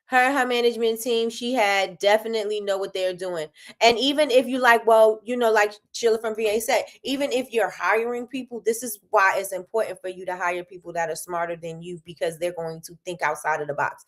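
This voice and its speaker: A woman hosting a casual livestream, talking business with lots of repetition and reading out chat comments. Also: mid-range voice. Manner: animated, repeats phrases, reads chat aloud. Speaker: livestream host.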